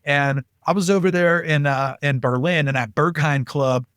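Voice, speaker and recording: A man telling casual, animated stories as a podcast guest. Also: fairly high pitch, moderate pace, smooth, no room sound, clean studio sound. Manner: animated, jumps into quoted voices. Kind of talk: casual anecdotal storytelling.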